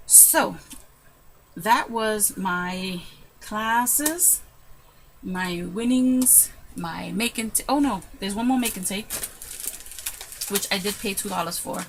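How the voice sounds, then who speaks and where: Chatty woman with a gravelly edge. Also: mid-range voice, takes it slowly, pauses often, a little hiss or hum, rough recording. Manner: chatty, excitable, retells with quoted asides. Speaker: crafting vlogger. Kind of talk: casual storytelling vlog. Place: her room at home.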